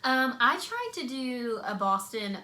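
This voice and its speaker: A woman's voice: fairly high pitch, very animated, unhurried, bright, forceful tone. A woman co-hosting a home comic book vlog, teasing her partner in casual chat. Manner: teasing, laughs often. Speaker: vlog co-host. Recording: roomy home echo.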